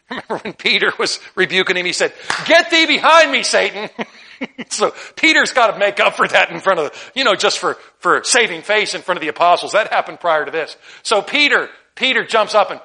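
A man preaching a sermon, reading scripture and joking with laughing asides. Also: fairly high pitch. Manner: humorous, animated, laughing asides. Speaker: pastor.

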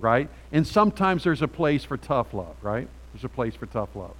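Halting middle-pitched male preacher. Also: sing-song, poor audio. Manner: halting, many restarts, rhetorical "right?". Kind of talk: sermon, Bible exposition.

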